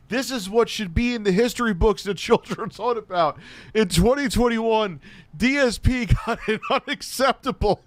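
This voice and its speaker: A man's voice: high-pitched, dry recording. A man giving a mocking, incredulous commentary rant, laughing often and swearing freely. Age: adult, his own peer group. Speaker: commentary host. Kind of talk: ranting commentary.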